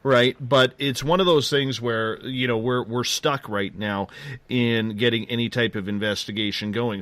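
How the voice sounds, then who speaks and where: Middle-aged man, low voice, excitable storyteller, keeps restarting, dry close sound. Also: no room sound. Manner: excitable storyteller who jumps ahead and restarts. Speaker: interview guest, field investigator. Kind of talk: radio interview storytelling.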